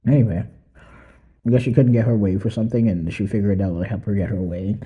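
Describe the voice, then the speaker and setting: A man's voice: medium pitch, brisk, pauses often, breathy edge, phone-quality sound. A young man hosting a podcast alone, rambling in casual, profane commentary that mocks and laughs often. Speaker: podcast host.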